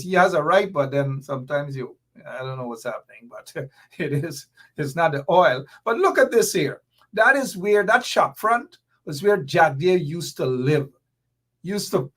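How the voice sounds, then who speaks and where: A man hosts a live political commentary stream. He talks in fiery bursts, repeats his points, and reads out viewer comments as he goes. His voice sits fairly high for a man. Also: fairly bright tone. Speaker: host.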